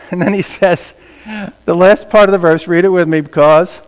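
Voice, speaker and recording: Pastor guy preaching, high voice, goes quiet then gets loud, big echoey church hall. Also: moderate pace, clean tone. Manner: animated preaching, swinging from quiet to loud emphatic. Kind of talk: sermon. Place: church sanctuary. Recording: long reverb of a large hall.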